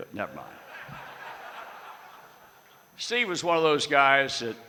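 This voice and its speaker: A blunt older man with a bright, forceful voice spins a salty story for an audience. His words ring with the long reverb of a big hall. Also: medium pitch. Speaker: guest speaker.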